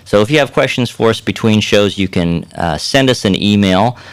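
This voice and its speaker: A man's voice: lowish voice, normal speed, smooth, no echo. A man co-hosting a radio health show as a doctor, easygoing and chuckling, talking through his points with fillers, recorded on a studio mic. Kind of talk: casual radio chat.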